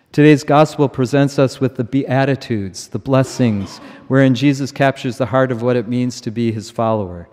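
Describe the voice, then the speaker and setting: A middle-aged male preacher delivers his sermon at an unhurried, deliberate pace, leaning on repeated words. His voice sits at an ordinary pitch. It rings out with the long reverb of a large church. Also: darkish tone. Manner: slow, measured, emphatic repetition.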